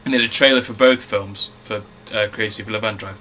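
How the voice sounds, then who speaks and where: Low-ish bright voiced guy ranting about movies, swears a lot, bit of room hiss. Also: quick pace. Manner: chatty, swears freely, animated storytelling. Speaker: film review co-host. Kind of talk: casual chat.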